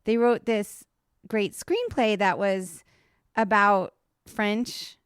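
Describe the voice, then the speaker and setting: A woman co-hosting a podcast from home, telling a story in a casual, animated way, peppered with "like" and swearing. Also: medium pitch, takes it slowly, clear, resonant tone, dry recording, studio quality. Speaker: podcast co-host. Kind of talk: casual chat.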